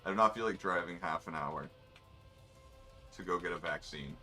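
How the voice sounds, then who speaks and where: A man's voice: low voice, moderate pace, pushed and bright, soft background music. A man, rambling in wry, offhand asides while commenting on his racing game. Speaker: gamer streaming a race. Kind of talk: casual gameplay commentary.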